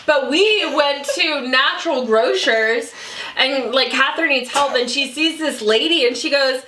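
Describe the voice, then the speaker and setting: A woman guest in a casual chat, talking in an animated way and acting out what people said. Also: sits high, measured pace, distant mic. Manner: animated, laughing, acts out quotes. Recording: roomy room, mic from afar, faint noise.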